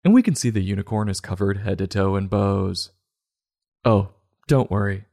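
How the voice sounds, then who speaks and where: A man's voice: lowish voice, moderate pace, vocal fry. A man reading a children's book aloud with sardonic, irreverent commentary. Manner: sardonic, irreverent, deadpan asides. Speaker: comedic book reader. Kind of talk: sarcastic storybook commentary.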